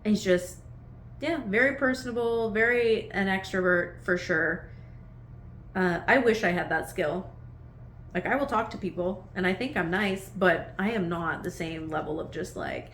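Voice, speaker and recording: A woman's voice: mid-range voice, unhurried, fairly bright tone, a little hiss or hum. A woman in her thirties, a vlogger casually telling a personal story to camera in a meandering, chatty way. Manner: chatty, meandering, full of "like" fillers. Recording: echoey room with faint ambience.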